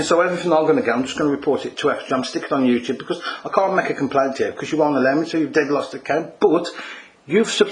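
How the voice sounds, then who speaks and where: A man making an irate, repetitive phone complaint as a customer, calling the agent mate. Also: fairly high pitch.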